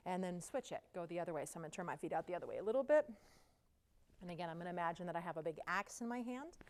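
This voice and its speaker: A woman leads a yoga class in a smooth, clear voice that sits a little low. She is winded from moving along with her students. She keeps her cues easygoing and conversational, tagging many of them with "right?". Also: rapid-fire. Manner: casual, chatty cues with frequent "right?". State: out of breath. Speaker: yoga teacher. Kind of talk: guided yoga class instruction.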